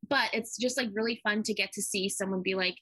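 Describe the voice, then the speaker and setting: A woman's voice: mid-range voice, fairly even intonation, a little fast, bright, forceful tone, dry recording. A young woman co-hosting a podcast in casual chat, gushing and acting out her own reactions, swearing freely. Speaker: podcast co-host.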